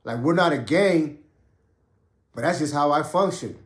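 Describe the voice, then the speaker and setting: A man's voice: on the high side, expressive, a little slow, echoey room. A man casually telling a story from his prison days in street slang, getting over a cough. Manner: street slang, loose and conversational. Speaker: podcast host and ex-prisoner.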